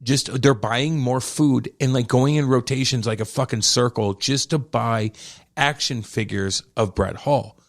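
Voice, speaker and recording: A young man with a St. co-hosts a podcast in an easy, casual chat. He swears constantly and piles on rapid, animated stories. His voice sits in a middle range. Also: medium pitch. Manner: profane, animated storytelling. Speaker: podcast co-host.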